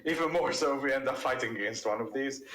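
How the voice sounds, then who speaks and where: A man playing a tabletop game, discussing plans in a polite, deliberate way and thinking aloud. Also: medium pitch, a bit bright, a little hiss or hum, rough recording. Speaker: player. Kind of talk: in-character tabletop play discussion.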